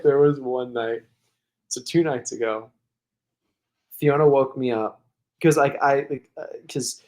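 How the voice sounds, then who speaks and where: A man co-hosting a podcast, telling a long casual story that rambles, full of "like" fillers. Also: mid-range voice. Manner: rambling, heavy use of "like", laughs while telling. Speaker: podcast co-host.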